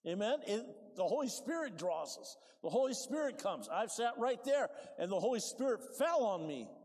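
A man preaching a sermon with lively swings from quiet to loud, asking for amens. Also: extremely high pitch, long reverb tail.

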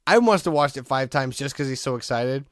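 A man hosting a podcast in casual chat, telling stories in a rambling, animated way and laughing often. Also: mid-range voice, a little fast, dry recording, studio quality. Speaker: podcast host.

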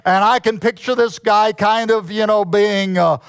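Male pastor preaching; unhurried, deliberate, clears his throat often; dry close sound. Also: high-pitched, fairly even intonation, a bit bright, no echo. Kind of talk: sermon.

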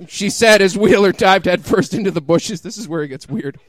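A comedic reader with a high, brisk voice and no echo gives a mock-dramatic reading of crude fiction. He laughs often and breaks into incredulous asides.

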